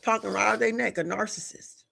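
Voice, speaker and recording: A woman's voice: medium pitch, fairly even intonation, fairly quick, vocal fry, bright, forceful tone. A woman giving a live collective tarot reading, talking casually and directly to her viewers with slang and frequent chatty asides. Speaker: tarot reader.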